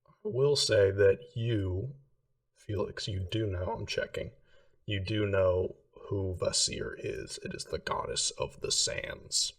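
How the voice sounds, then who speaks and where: Low-voiced man running a tabletop game. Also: animated, takes it slowly, far from the mic. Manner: loose, filler-heavy narration. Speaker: game master.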